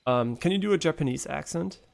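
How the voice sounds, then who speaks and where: A man's voice: fairly high pitch, lively intonation, fairly quick, gravelly. A male game streamer chatting casually on a live stream, swearing and laughing as he teases a voice assistant. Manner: profane, laughing, teasing a voice assistant.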